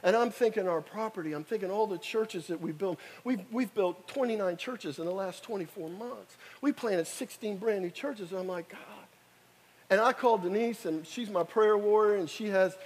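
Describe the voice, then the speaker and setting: A man's voice: sits high, normal speed, husky. A man in his fifties preaching a sermon, telling a story with emphatic, repetitive exhortations. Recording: echoey hall reverb.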